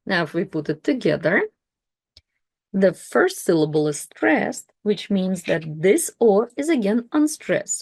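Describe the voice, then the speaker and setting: A woman teaching a language lesson, pronouncing sounds and syllables slowly and carefully for beginners. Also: fairly low pitch, expressive, a little mellow, dry recording, clean studio sound. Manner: slow, careful, drawing out sounds and syllables for learners.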